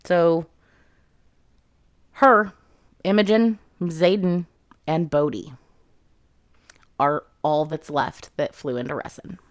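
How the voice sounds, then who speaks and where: A woman's voice: low voice, steady tone, takes it slowly, pauses often, no echo. A woman recapping a fantasy novel in casual chat, swearing freely and quoting the characters as she goes. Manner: chatty, swears freely, quotes characters with 'she's like'. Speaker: book reviewer.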